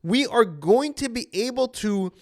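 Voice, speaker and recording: A man in his thirties with a high, lively voice that swoops up and down as he speaks. He is an anxiety coach giving an earnest motivational talk, repeating his points and calling his listeners "guys". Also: measured pace. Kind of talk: motivational self-help talk.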